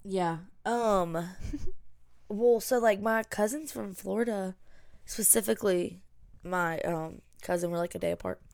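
This podcast co-host is a woman from the American South with a Southern accent and a mid-range, animated, slightly mellow voice. She chats at a measured pace, rambling and using lots of fillers, with no echo on the recording.

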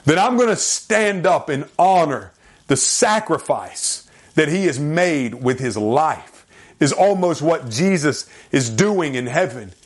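A man's voice: on the high side, lively intonation, slow pace. A man preaching a sermon, earnest and emphatic, with dramatic readings from scripture. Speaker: pastor.

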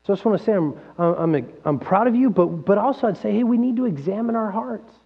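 A man with a high voice preaches a sermon, lively and full of rhetorical questions. His voice rings through a large hall with a long reverb. The recording sounds dull and lo-fi, with a faint mains hum underneath. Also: fairly quick, creaky, slightly rough. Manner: animated, acts out quoted voices, rhetorical questions. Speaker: pastor.

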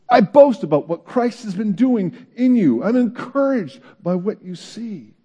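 A man's voice: high-pitched, warm tone, slightly rough. A man preaching a sermon in an earnest way, his voice climbing into pleading questions. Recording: long reverb of a large hall.

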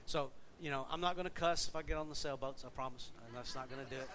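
A man's voice: mid-range voice, fast, pushed and bright, a little hiss or hum. Folksy joking pastor, man. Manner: folksy, joking, chatty with congregation. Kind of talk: casual sermon. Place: church.

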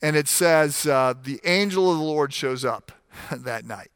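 A man preaching a sermon, animated, acting out the voices in the scripture stories as he goes. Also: on the high side, unhurried, clear, resonant tone, dry recording, clean studio sound. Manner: frequent restarts and fillers while explaining. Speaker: pastor.

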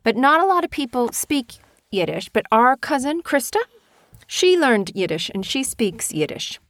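A woman's voice: a little high, big pitch swings, normal speed, a bit bright, dry recording. A woman casually chatting with her child as host of a small family show, talkative and teasing. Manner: chatty, talks a lot, teasing. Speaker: podcast host and parent.

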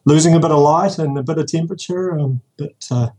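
A man from New Zealand with a Kiwi accent, talking casually as a podcast guest over a phone line, pausing often with ums and uhs. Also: on the high side, a little mellow. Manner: hesitant, many ums and uhs. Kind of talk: casual voicemail and interview chat. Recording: phone and Skype call.

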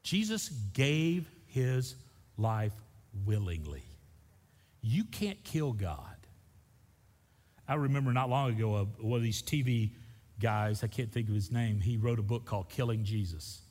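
A middle-aged man preaching a sermon as pastor, emphatic, swinging from loud bursts to soft asides. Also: lowish voice, lively intonation, normal speed. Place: church sanctuary. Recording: long church hall reverb.

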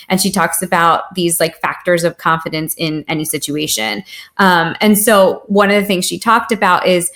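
A woman in her thirties co-hosting a podcast, talking in a chatty, quick way and laughing often. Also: fairly low pitch, fairly bright tone. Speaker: podcast co-host. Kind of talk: casual chat.

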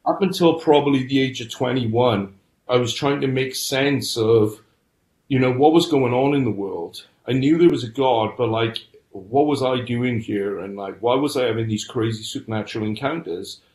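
In a slightly mellow, mid-range voice at a moderate pace, a middle-aged British podcast guest offers heartfelt personal testimony. Restarts are frequent, and the space sounds roomy and echoey.

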